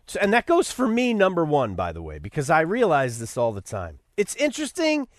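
A man's voice: on the high side, wildly swooping pitch, a little fast, no echo, clean studio sound. A man hosting a political talk show, with sarcastic and rambling commentary full of mocking asides. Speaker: podcast host.

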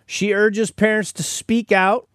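A man's voice: high voice, little pitch movement, slow, fairly bright tone, clear, resonant tone, dry recording, clean studio sound. A man hosting a podcast, delivering emphatic opinionated commentary and often repeating words as he starts sentences. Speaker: podcast host.

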